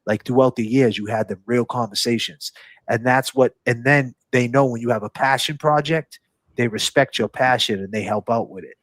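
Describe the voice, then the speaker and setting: A man's voice: medium pitch, moderate pace, no room sound. A man hosting a livestream in casual talk. He is emphatic and profane, preaching and repeating his phrases for force. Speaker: livestream host.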